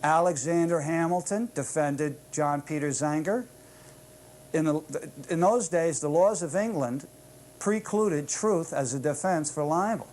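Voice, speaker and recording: A man's voice: on the high side, measured pace, darkish tone, a little hiss or hum. Older man, public access host, sarcastic rant, rhetorical questions, combative. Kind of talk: ranting monologue. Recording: old public access tape.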